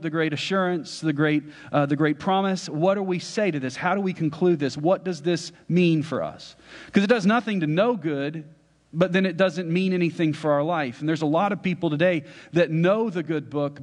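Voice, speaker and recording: A pastor preaches a conversational sermon, often checking in with listeners through "right?" asides. His voice is a little high at normal speed, and church hall reverb surrounds it.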